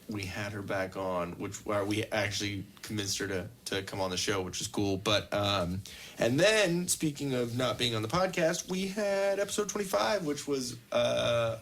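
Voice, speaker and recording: A man's voice: medium pitch, fairly bright tone, a little hiss or hum. A young man co-hosting a casual podcast, rambling with lots of fillers and swearing freely. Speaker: podcast co-host. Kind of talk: casual chat.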